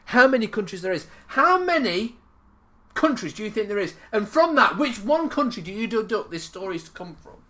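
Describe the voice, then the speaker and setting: A man's voice: sits high, sing-song, a little fast, sharp tone. A man co-hosting a casual comedic podcast, reading odd news stories aloud and laughing through them.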